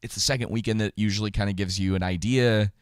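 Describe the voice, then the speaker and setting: A man's voice: fairly low pitch, steady tone, quick pace, smooth, no echo, studio quality. A man co-hosting a casual movie podcast, rambling with frequent laughs and restarts. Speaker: podcast co-host.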